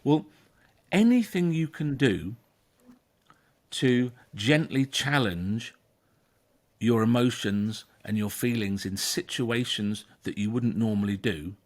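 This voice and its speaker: A man's voice: medium pitch, lively intonation, slow pace. A man, a therapist hosting a talk, explaining with emphasis and acting out inner voices. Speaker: therapist and podcast host. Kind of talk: conversational explanation.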